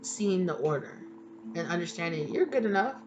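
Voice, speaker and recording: A woman's voice: on the low side, animated, moderate pace, soft background music. A woman giving a casual tarot reading to her viewers. She talks chattily, swears freely and laughs at herself. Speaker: tarot reader.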